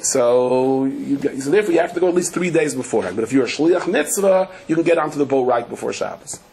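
A man, a rabbi, teaching a Torah lecture as a lively storyteller who keeps asking rhetorical questions and tossing in wry asides. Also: medium pitch, fast, vocal fry, slight background noise, low-quality recording. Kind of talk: Torah lecture to a live audience.

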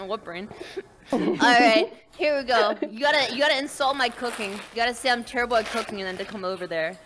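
A woman VTuber chatting casually on stream, excitable and bossy, squealing loud protests during playful role-play. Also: a little high, brisk, noisy background.

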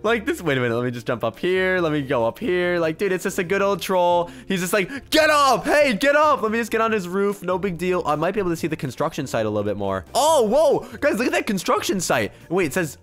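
Excitable young man narrating gameplay. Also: high-pitched, fast talker, few pauses. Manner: excitable, jumps between hushed and shouting. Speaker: gaming YouTuber.

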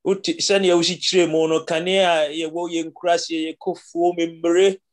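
Measured man, slightly high voice. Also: little pitch movement. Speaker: church member.

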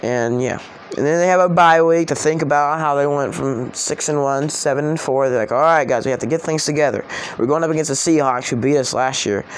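A man's voice: fairly high pitch, slight background noise. A man giving casual spoken predictions for a vlog, rambling and often correcting himself. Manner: rambling, self-correcting, chatty. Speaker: sports vlogger.

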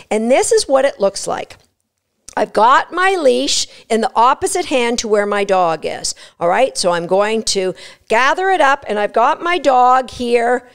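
A woman explaining dog training step by step in an energetic, instructive way. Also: a little high, creaky, clean tone. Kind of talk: instructional talk.

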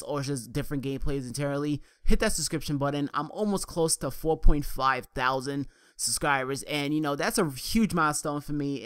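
A man's voice: on the high side, fairly bright tone, clean tone, no echo, studio quality. A young man around twenty with a New York accent, chatting casually and rambling loosely over live gameplay on his gaming channel.

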